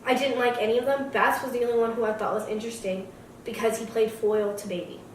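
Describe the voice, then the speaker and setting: A woman's voice: fairly high pitch, fast, slight background noise. A woman co-hosting a movie review podcast, talking bluntly and with strong opinions. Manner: blunt, opinionated, animated with mock voices. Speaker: podcast co-host. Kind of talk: casual movie review chat. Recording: echoey room, distant mic.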